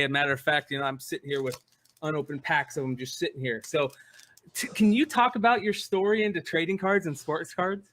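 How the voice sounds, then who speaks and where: A man hosting a casual interview, asking his question haltingly with many fillers and restarts. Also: medium pitch, a bit bright. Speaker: podcast host.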